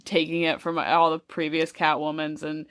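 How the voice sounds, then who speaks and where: A woman co-hosting a podcast in casual chat, relaxed and affirming, laughing easily. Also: low-pitched, normal speed, smooth. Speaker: podcast co-host.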